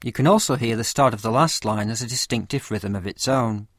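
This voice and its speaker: A man reading a scripted lesson with a measured, careful explanatory delivery. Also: mid-range voice, no echo, clean studio sound. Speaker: teacher of poetry. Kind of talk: scripted lecture narration.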